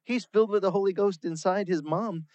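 Guy preaching a sermon, lively and chatty, kinda higher voice, dry. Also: a little fast, dry recording. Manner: lively, conversational Bible teaching with playful voices. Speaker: pastor.

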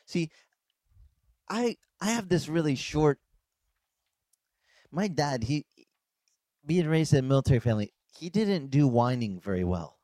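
A male pastor preaches outdoors in a high, lively voice that swoops as he acts out dialogues. The sound is dry and close, and his delivery is conversational. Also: measured pace, long pauses, no echo. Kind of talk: sermon. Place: beach church service, outdoors.

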